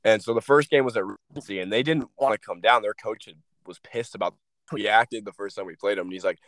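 A man's voice: on the low side, fast talker, a bit bright, no echo. A young man, a former hockey player, telling rambling stories as a podcast guest. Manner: rambling, restarts, lots of "like" and swearing. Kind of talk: casual storytelling.

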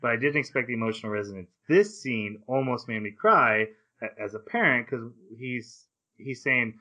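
A man's voice: medium pitch, moderate pace. A man on a podcast, casually recapping an anime and acting out the characters' lines as he goes. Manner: animated retelling, acts out characters' lines. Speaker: podcast host.

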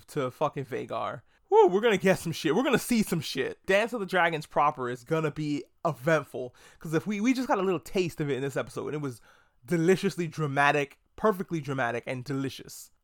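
A man hosting a casual video review of a TV episode, talking excitably, rambling and swearing a lot. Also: a little high, no room sound, clean studio sound. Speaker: TV show reviewer.

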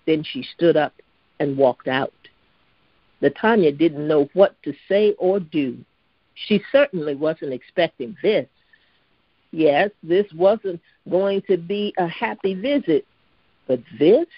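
A woman's voice: on the low side, slow, slightly rough, no echo. Woman reading a story aloud, dry sound. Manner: steady, even reading with occasional stumbles. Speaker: narrator. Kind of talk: storybook narration read aloud. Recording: dry, slightly dull lo-fi recording.

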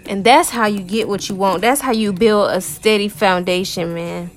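A woman tarot reader speaks to her viewers in a loose, conversational pep talk, circling back and repeating her points. Her voice sits at an ordinary middle pitch. Faint music plays softly underneath. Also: moderate pace. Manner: conversational, repeats herself, uses "y'all" and "man".

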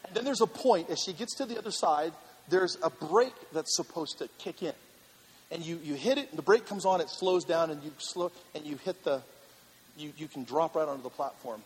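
A male pastor telling a funny personal story in a sermon, animated and laughing, then turning earnest. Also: a little high, normal speed, slight background noise. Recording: reverberant hall with faint ambience.

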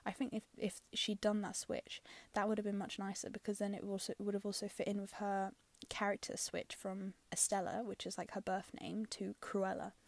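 Chatty woman with a gravelly edge. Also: medium pitch, flat delivery, moderate pace, no room sound. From London. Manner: chatty and opinionated, many fillers, drops into whispery asides. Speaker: film reviewer. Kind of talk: casual spoken film review.

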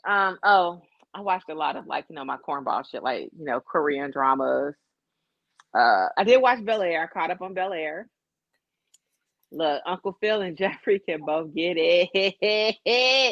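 Animated woman, lively swearing chat. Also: fairly low pitch, measured pace, no echo, lo-fi sound. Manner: animated, swearing, laughing often. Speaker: podcast co-host. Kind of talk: casual chat.

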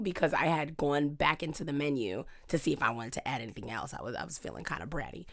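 A woman with a notably low, deep voice tells a story in a relaxed podcast chat. She is animated and keeps slipping into quoted dialogue with a lot of "I'm just like.". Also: quick pace, vocal fry, hardly any pauses. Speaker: podcast co-host.

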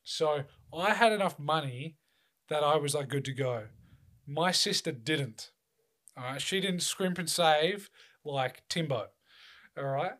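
A young man on a casual podcast, telling a childhood story with animated, sweary outbursts and teasing asides. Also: a little high, a little slow. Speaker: podcast co-host.

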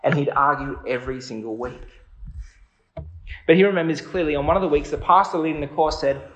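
A man's voice: on the high side, fairly quick, fairly bright tone, reverberant, dull audio. A man preaching a sermon in an earnest, conversational way, asking his listeners questions.

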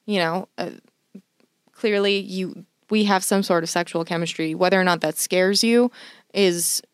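A woman's voice: on the low side, steady tone, a little slow, clean tone, no echo. Brief: young female podcast host, chatty and frank, dry close sound. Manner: frank, chatty advice-giving. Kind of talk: casual chat.

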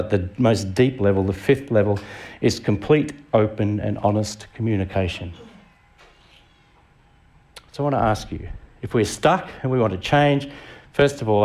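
Here a visiting preacher, a middle-aged Australian, talks through his sermon casually and keeps asking the congregation rhetorical questions. He speaks in a lowish, darkish voice.

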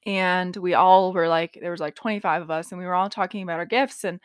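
A young adult woman talks through her own experiences on a solo podcast, loose and chatty, leaning on "like" and dropping the occasional swear. Her voice sits on the low side for a woman. The recording is dry and close, with no room sound. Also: fairly even intonation, fast talker, clean tone, no echo. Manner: chatty, frequent "like" fillers, swears casually. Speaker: podcast host and intuitive reader. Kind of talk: casual solo podcast talk.

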